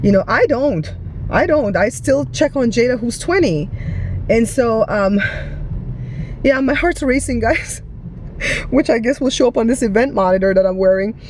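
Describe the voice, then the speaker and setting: A woman's voice: on the high side, lively intonation, normal speed, long pauses, darkish tone, slight background noise. A woman in her forties, chatting straight to her viewers as she films a vlog on a phone. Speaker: vlogger. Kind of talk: casual vlog narration.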